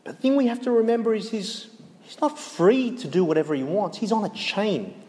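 A man with a high-pitched voice preaches a sermon, earnest and emphatic, driving his points home through repetition. His voice rings out with a long reverb, as if in a large church hall. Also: brisk, a little mellow.

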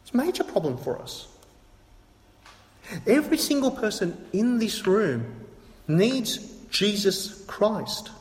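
Emphatic preacher in an echoey hall. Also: male voice, high voice, big pitch swings, slow pace, pauses often. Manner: emphatic, repetitive, rhetorical questions. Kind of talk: sermon. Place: church hall.

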